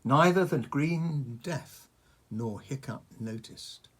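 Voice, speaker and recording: A man narrating an audiobook with expressive storytelling. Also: medium pitch, takes it slowly.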